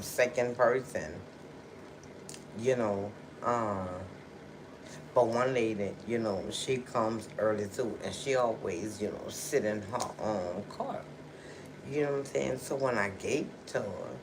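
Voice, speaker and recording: A woman's voice: a bass voice, a little hiss or hum. A woman telling a personal story to her livestream viewers in a chatty, emotional way, full of "you know" and "okay". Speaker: livestream host.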